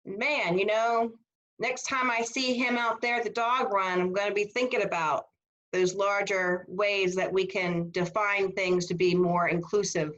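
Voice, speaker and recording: A woman giving a casual, animated history seminar over a video call, checking in with her students. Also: medium pitch, unhurried, lo-fi sound. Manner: animated, conversational, asks rhetorical "right?". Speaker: history instructor.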